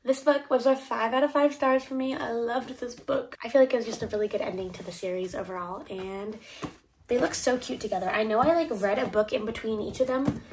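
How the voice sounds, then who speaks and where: A woman's voice: fairly high pitch, fairly quick, darkish tone. Teen girl booktuber, casual rambling chat, faint household noise behind. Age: teens. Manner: chatty, rambling, lots of "like" fillers. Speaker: book vlogger. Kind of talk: casual reading wrap-up chat. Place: home, family noise nearby.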